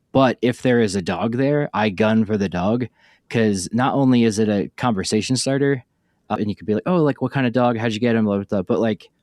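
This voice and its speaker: A man with a lowish voice hosts a casual podcast chat, rambling through fillers and quick self-corrections. The sound is dry and close, with no room around it. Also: darkish tone, dry recording. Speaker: podcast host. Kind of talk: casual conversational interview.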